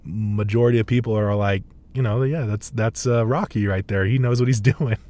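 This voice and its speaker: A man's voice: lowish voice, steady tone, moderate pace, dark tone. A young man hosting a podcast, rambling in casual talk, packing his speech with "like" and swearing freely. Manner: rambling, full of "like", laughs often and swears freely. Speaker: podcast host.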